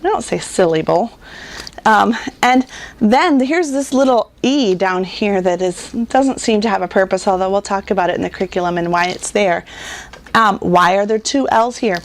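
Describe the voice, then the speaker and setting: A woman who runs a reading curriculum, giving parents a patient, explanatory talk on teaching phonics and spelling and sounding words out slowly. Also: medium pitch. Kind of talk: instructional talk to homeschool parents.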